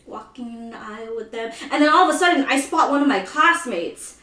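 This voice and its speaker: Animated woman from the philippines telling a story, high voice jumping all over, echoey room, mic kinda far. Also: a little fast. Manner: animated, laughing, acts out voices. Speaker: co-host. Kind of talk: casual storytelling. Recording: roomy echo, mic at a distance.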